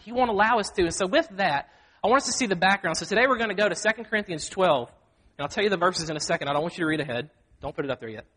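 High-voiced pastor preaching. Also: male voice, a bit bright. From Mississippi. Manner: earnest, self-deprecating, acts out quoted speech. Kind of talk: sermon. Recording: long hall reverb.

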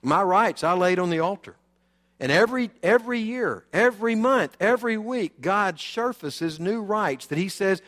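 Pastor, male, high voice, emphatic sermon delivery, church hall reverb. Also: normal speed. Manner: animated, emphatic preaching with swings between loud and quiet.

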